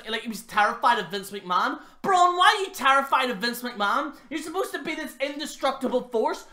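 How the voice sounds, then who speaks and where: Forceful and bright, this very high male voice belongs to a channel host ranting about a wrestling show. His review is casual and profane, full of cursing, wandering tangents, and mockery.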